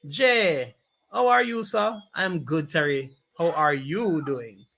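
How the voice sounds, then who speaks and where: A man's voice: on the high side, slow, gravelly, a bit bright. A man with a Jamaican accent hosting a casual live stream, reading viewer comments aloud and greeting people by name.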